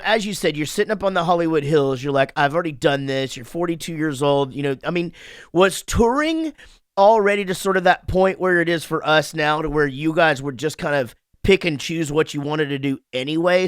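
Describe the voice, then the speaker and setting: A man's voice: a little high, a bit bright, clear, resonant tone, dry recording, studio quality. A man hosting a podcast, asking questions in an enthusiastic, affirming casual chat. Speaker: podcast host.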